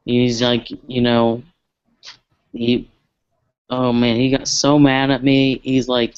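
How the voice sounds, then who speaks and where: A man's voice: medium pitch, flat delivery, a little slow, a little mellow, smooth, no room sound, lo-fi sound. A man co-hosting a casual chat, speaking hesitantly with lots of fillers as he confides in a friend. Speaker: podcast co-host.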